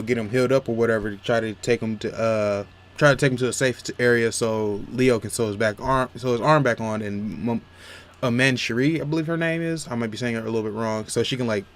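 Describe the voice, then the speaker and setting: A man giving a casual, rambling recap of a comic chapter, full of fillers and restarts. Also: mid-range voice. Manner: rambling, many fillers like "you know what I'm saying". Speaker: manga reviewer.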